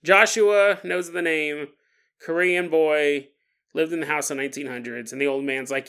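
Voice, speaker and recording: A man's voice: a little high, fairly even intonation, normal speed, fairly bright tone, smooth. A man hosting a paranormal storytelling podcast, chatty and laughing often as he tells the tale. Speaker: podcast host.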